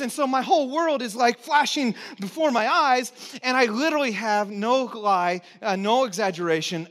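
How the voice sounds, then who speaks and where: A man with a high voice preaches in a church, a middle-aged pastor who tells stories in a lively, theatrical way. He acts out moments with sudden loud bursts, then drops low and slow when he makes a serious point. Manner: animated storytelling, acts out his own panic with sudden loud exclamations. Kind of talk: sermon.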